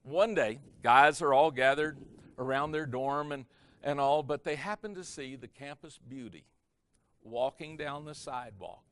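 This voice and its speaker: A man preaching as a pastor, telling a story in a sermon and swinging his loudness from hushed to loud for effect. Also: medium pitch, a little slow. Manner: animated, varies loudness for effect. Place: church or conference hall.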